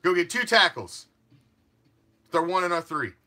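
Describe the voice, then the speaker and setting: A man's voice: high voice, very animated, unhurried, sharp tone. A man hosting a fan sports show, ranting in a fired-up, profane and mocking way. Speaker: fan podcast host.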